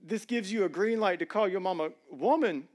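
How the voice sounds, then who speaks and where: A high-pitched man preaches from a church stage. His sermon is conversational and full of jokes, and his voice swings between loud emphasis and quiet asides. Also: a little fast. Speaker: pastor.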